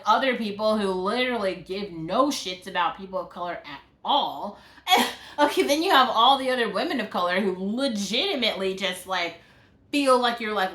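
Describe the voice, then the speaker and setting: A woman's voice: mid-range voice, a bit bright. A woman delivering a frustrated, profane vlog rant, full of "like" fillers. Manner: exasperated, profane, many "like" fillers. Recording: roomy echo.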